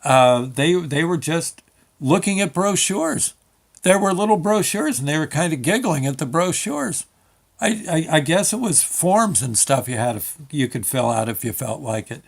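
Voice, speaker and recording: An older man telling a rambling comic story about a visit to the motor vehicle office, with halting restarts. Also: a little high, expressive, creaky. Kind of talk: comic monologue with quoted dialogue.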